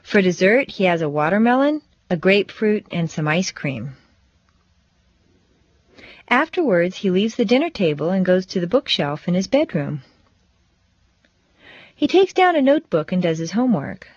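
Woman, pronunciation teacher, exaggerated stress drills, lower voice, dry, lo-fi recording. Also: very animated, no room sound. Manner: slow, deliberate, exaggerated stress and intonation.

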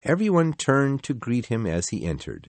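A man narrating a story in the first person in a measured, expressive reading. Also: medium pitch, no room sound.

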